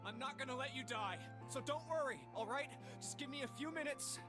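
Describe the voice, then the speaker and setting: A man's voice: very high-pitched, brisk, loud music behind the voice. An actor playing a protective young man in a game, urgent and earnest. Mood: reassuring. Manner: urgent, shouting.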